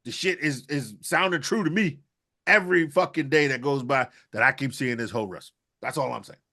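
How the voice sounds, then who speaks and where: A man's voice: medium pitch, a little fast, pushed and bright. A man co-hosting a wrestling podcast, ranting in a profane, rambling comic riff. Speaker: podcast co-host. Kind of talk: comedic rant.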